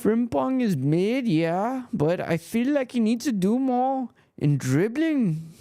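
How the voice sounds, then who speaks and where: A man voicing a mock Liverpool fan in a put-on Scouse accent, his pitch pushed high as he weighs up players. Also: sing-song, takes it slowly, dark tone, no room sound, exaggerated voice. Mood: opinionated.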